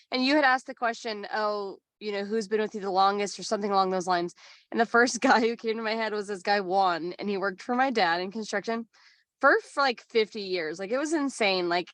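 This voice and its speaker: A woman talks openly as a podcast guest, in a relaxed and rambling way that is full of "like". Her voice sits at an average pitch and sounds dry and close, with no room echo. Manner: candid, chatty, peppered with "like". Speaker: podcast guest, business owner. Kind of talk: casual chat.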